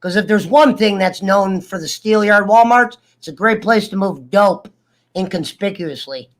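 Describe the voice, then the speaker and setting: Speaking at a normal speed in a high-pitched voice, this man is sick and keeps coughing as he chats loosely with viewers. He swears, cracks jokes and laughs in between the fits.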